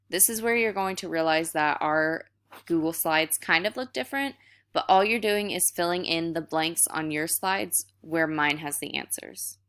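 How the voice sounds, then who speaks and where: A young woman teaching a recorded lesson, with a bright, crisp voice set a little low. She walks through each point step by step in easy, casual teacher talk.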